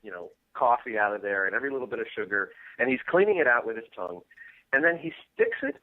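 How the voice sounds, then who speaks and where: Man guest, rambling story, phone-line sound, middle pitch. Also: big pitch swings, fast, no echo. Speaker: podcast guest. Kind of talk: casual chat.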